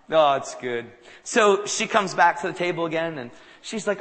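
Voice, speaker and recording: A man preaches to a live crowd, telling his stories with animated energy and acting out each exchange. His voice is bright and forceful and sits a little high. Long reverb from a large hall trails each phrase. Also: measured pace. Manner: animated, acts out dialogue in anecdotes. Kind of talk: sermon storytelling.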